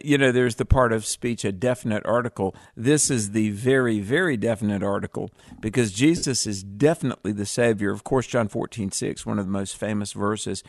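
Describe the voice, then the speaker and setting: A man's voice: lowish voice, normal speed, dry recording, studio quality. A man co-hosting a radio Bible discussion, making earnest, preacherly appeals to listeners. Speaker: radio co-host.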